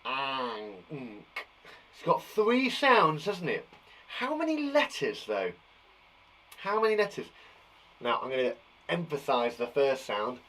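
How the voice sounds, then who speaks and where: A man teaching young children a live phonics lesson, encouraging them warmly and sounding out letters slowly. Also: mid-range voice, huge pitch swings, rough recording. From England. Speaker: primary school teacher.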